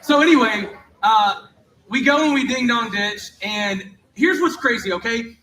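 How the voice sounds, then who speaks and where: A young man, speaking at a youth camp and telling a story in a lively way, with many "like"s. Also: very high voice, a little slow. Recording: roomy, heard from a distance.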